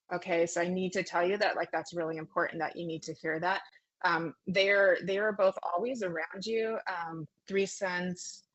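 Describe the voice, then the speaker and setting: A woman giving a psychic reading, talking in a gentle, consoling way, rambling and apologising with many fillers and restarts. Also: fairly low pitch, fairly even intonation, a little fast. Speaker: psychic medium. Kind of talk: live online psychic reading.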